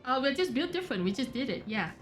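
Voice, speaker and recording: A woman's voice: high-pitched, sing-song, fast talker, faint music behind. A young woman streaming a game, reacting with shrieking laughter and frequent swearing. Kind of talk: reactive gameplay commentary.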